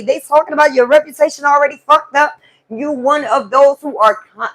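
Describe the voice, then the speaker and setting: High-voiced woman venting. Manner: animated, profane storytelling to a live chat. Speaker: live stream host. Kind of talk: casual venting monologue.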